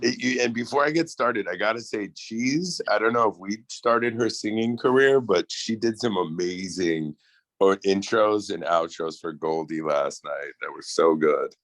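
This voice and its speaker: A man's voice: on the low side, moderate pace, a bit bright, no echo. A man co-hosting a podcast over a video call, talking in a loose, joking way with lots of fillers. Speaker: podcast co-host. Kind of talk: casual chat.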